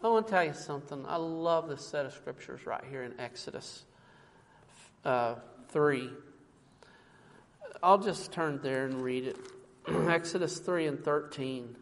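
Preaching a sermon in a church, a man with a higher-pitched voice speaks unhurriedly and pauses often. He's emphatic, likes rhetorical questions, and calls his listeners folks, while a large hall adds long reverb.

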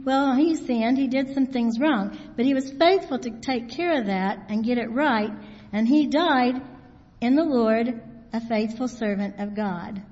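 A woman giving an informal sermon, reading scripture slowly and then talking it through plainly. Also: sits high, darkish tone. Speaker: Bible teacher. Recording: dull sound in a hall with long reverb.

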